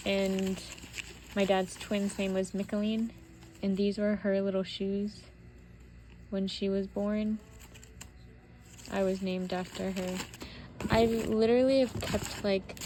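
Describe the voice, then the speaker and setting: A woman talking to her camera at home in a loose, rambling way, her words full of fillers as she goes through old keepsakes. Her voice sits at an ordinary middle pitch, and a faint hiss of room noise stays underneath. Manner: rambling and heartfelt, many "like" fillers. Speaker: vlogger. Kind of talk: casual personal vlog. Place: home while sorting belongings.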